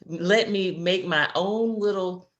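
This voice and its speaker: A woman's voice: fairly low pitch, slow, muffled recording. A middle-aged woman co-hosting a faith-based chat, speaking earnestly and reflectively, often repeating words as she finds them. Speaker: podcast co-host and grief expert.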